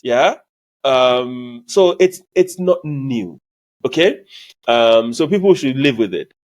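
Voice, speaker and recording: A man's voice: medium pitch, lively intonation, takes it slowly, a little mellow. A man co-hosting a sports podcast, talking casually with many ums and easy laughter. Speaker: podcast co-host.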